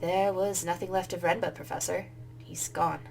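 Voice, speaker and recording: A woman's voice: fairly low pitch, fairly even intonation, moderate pace, gravelly, a little mellow, faint music behind. A woman voicing a curious young woman explorer who questions freely and dodges awkward answers. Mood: evasive.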